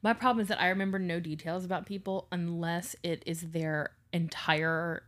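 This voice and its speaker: A young woman co-hosting a podcast, chatting casually and telling animated stories, acting out the people she quotes and swearing freely. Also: fairly low pitch, normal speed. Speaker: podcast co-host. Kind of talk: casual chat.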